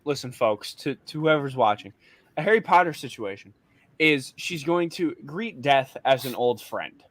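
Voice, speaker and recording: A man's voice: a little high, fairly bright tone, no room sound. A man co-hosting a casual talk show, eagerly jumping in with his opinions. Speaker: podcast co-host. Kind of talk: casual chat.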